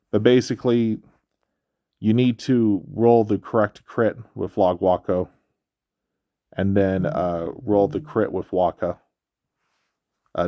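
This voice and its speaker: A man with a stuffy nose talks through a game run in a low, gravelly voice. His delivery is relaxed and explanatory, full of fillers. The recording is dry and close. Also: dry recording. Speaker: gameplay commentator. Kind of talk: casual game walkthrough commentary.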